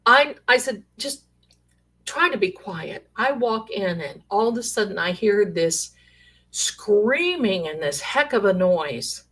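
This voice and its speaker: Slow-talking woman telling stories. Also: mid-range voice. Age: middle-aged. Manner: animated, rambling, exclamatory. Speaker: storyteller sharing paranormal stories. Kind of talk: casual storytelling.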